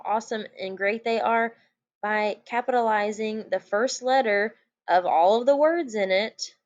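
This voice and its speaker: A woman's voice: fairly high pitch, dull audio. A woman elementary school teacher, giving a playful, joking recorded lesson. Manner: playful, animated teacher talk with jokes.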